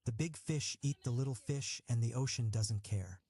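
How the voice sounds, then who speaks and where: A man's voice: medium pitch, moderate pace, dark tone, breathy edge, lightly acted. A man reading a novel aloud, voicing a sardonic, teasing young Italian man who argues in a mocking, grandly philosophical way. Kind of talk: audiobook reading.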